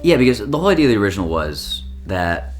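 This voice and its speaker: A man with a very low voice talks through film opinions in a relaxed podcast chat. He builds his points in long, reasoned turns. Faint music plays underneath. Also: fast talker. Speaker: podcast co-host. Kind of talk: casual chat.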